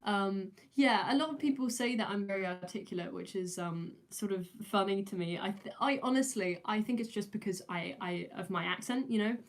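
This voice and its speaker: A woman's voice: mid-range voice, fairly quick, hardly any pauses. A nineteen-year-old woman, chatting casually on a livestream, with many fillers, restarts and a slight stutter. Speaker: streamer answering chat.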